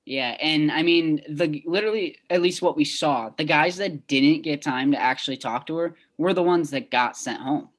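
A young woman co-hosting a podcast in casual chat, recapping events in a measured way. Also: sits low. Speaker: podcast co-host.

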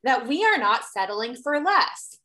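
A woman's voice: sits high, sing-song, a little slow, bright, forceful tone. A woman hosting a podcast, chatting casually and bluntly, swearing freely.

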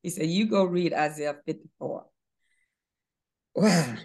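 A woman's voice: deep voice, a little slow, darkish tone. A middle-aged woman giving an earnest faith testimony in an interview, with fillers and restarts, acting out voices in her story.

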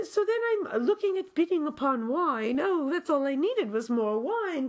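A woman with a strikingly high voice that leaps all over the place tells a comic story in character. She is excitable and theatrical, breaking into sudden squeals. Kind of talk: improvised comedy chat.

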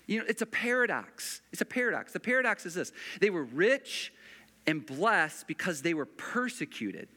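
A man preaching a sermon in an earnest, emphatic way, repeating phrases and slowing down on key words. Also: high voice, big pitch swings, pushed and bright, in a large hall. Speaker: pastor.

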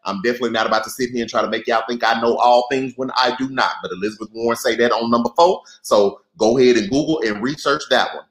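A man hosting a live political podcast, reading and reacting to viewers in a lively, direct way. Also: medium pitch, fast talker, few pauses, roomy sound, poor audio. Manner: animated, talks straight to viewers. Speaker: podcast host. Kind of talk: live-stream political commentary.

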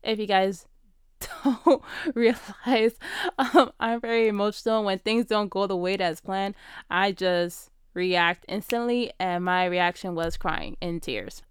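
Young woman, very smooth clear voice, dry close sound, casual animated storytelling. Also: medium pitch, no echo. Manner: animated, acts out quoted dialogue, frequent "like". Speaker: vlogger.

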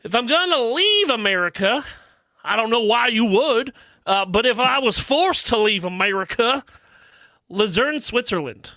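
A man rambling on in a casual podcast chat, animated, with crude jokes. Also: very high voice, unhurried, no echo, studio quality. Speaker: podcast co-host.

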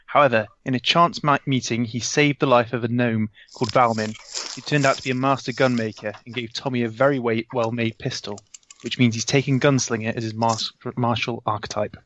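A man's voice: mid-range voice, fairly even intonation, brisk, fairly bright tone, highs cut off, slight background noise. A man casually introducing his tabletop character, chatty and self-correcting with frequent ums.

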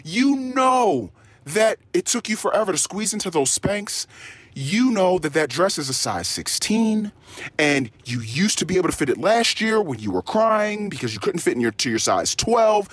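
A man's voice: sits high, normal speed, slightly rough, no echo. A man rambling through a spoken diary in a crude, profane, ranting way. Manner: animated, swings into mock-excited tones. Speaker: diary podcast host.

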